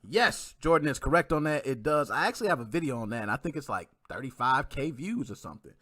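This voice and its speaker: Male livestream host, lively swooping slang talk, reading chat aloud. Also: mid-range voice, fast talker. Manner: animated slangy shout-outs, reads chat comments. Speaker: podcast host. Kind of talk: casual livestream podcast chat.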